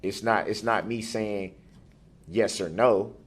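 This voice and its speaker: A man making a formal, halting statement to a judge in court, speaking deliberately and restarting words. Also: on the low side, steady tone, husky. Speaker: defendant addressing a judge.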